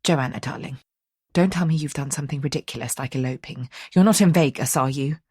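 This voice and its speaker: Fretful mum, middle-aged, worried and scolding, as voiced by a woman narrator; husky and dry. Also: a bass voice, fairly quick, a little mellow, no room sound. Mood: anxious, fretful. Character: anxious fretting middle-aged mother.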